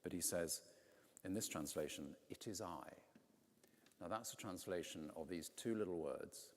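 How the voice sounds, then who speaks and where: Deep-voiced vicar preaching in a reverberant church. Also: male voice, moderate pace. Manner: conversational, animated storytelling with quoted voices. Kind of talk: sermon. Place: large stone church, in a pulpit.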